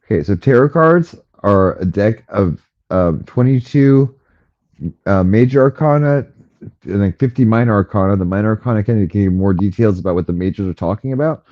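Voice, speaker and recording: A man with an expressive voice hosts a casual livestream from home at normal speed, chatting loosely with viewers. His headset mic sounds a bit muffled. He rambles chattily and coos at his cat in a high baby voice.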